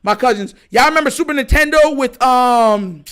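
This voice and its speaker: Livestream host, man in his 30s, very high voice, animated and slangy. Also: moderate pace, hardly any pauses, clean tone. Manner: animated, slangy, talks to chat. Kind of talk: casual livestream storytelling.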